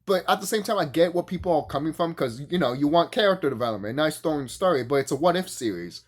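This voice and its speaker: A man giving a casual, profane, rambling review, full of fillers and bursts of laughter. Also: fast talker. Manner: animated, jumps high when excited. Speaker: YouTube reviewer.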